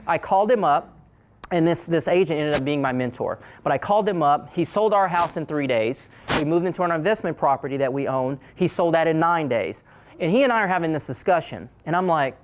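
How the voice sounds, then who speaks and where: A middle-aged man with an Oklahoma accent, telling his own story to an audience, animated and repeating key phrases for emphasis. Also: fairly high pitch, a little fast, slight background noise.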